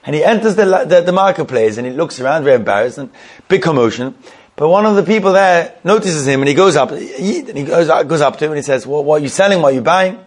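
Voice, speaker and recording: A man's voice: fairly high pitch, expressive, quick pace. A man telling a Hasidic tale, often repeating and restarting himself and using Yiddish terms. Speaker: storyteller.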